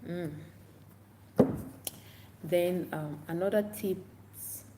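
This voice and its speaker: A woman English teacher giving casual tips to camera, unhurried and repetitive, acting out classroom chants aloud. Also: fairly low pitch, noisy background.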